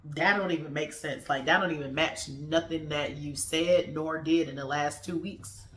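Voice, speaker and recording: A woman with a fairly low voice recaps a TV episode in a loose, slangy way, dropping into the characters' lines along the way. The recording has a noticeable roomy echo. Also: fairly even intonation, moderate pace, a bit bright. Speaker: TV episode reviewer. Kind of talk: casual review vlog.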